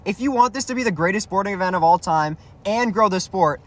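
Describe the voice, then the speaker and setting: A man with a high-pitched voice, on a fired-up, casual rant. He swears often, trips over his words and keeps restarting his sentences. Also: expressive, fast talker. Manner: profane, repeats and restarts himself, calls listener dude. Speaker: YouTuber ranting about MMA.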